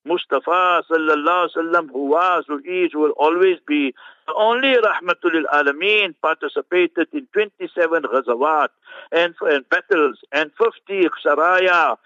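A man translating and commenting on a Friday sermon, fervent and scornful, breaking into quick Arabic recitations. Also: fairly high pitch, bright, forceful tone, no echo. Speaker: religious scholar commenting on a sermon. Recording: muffled radio broadcast.

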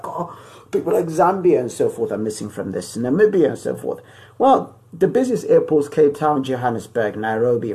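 Gravelly podcast host. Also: male voice, medium pitch, a little mellow. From Zimbabwe. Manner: loose and rambling, with many pauses and restarts. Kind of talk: casual podcast monologue.

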